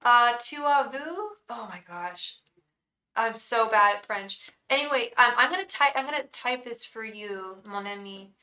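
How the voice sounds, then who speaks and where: A woman's voice: on the high side, expressive, unhurried, pushed and bright, echoey room. A woman hosting a live tarot stream, chatting effusively with viewers, greeting them by name and stopping to restart her sentences. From England. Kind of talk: casual live-stream chat.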